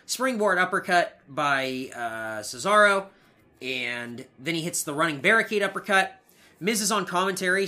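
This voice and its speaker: A man co-hosting a casual podcast, his voice bright and a touch high. He recaps matches move by move in a blunt, profane, offhand way. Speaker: podcast co-host. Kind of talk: casual wrestling recap chat.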